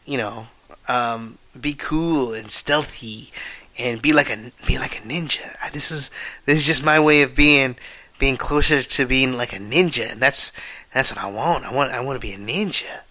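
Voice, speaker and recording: A young man hosting a podcast, rambling casually and cursing a lot, swinging between low mumbles and loud exclamations. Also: moderate pace. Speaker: podcast host.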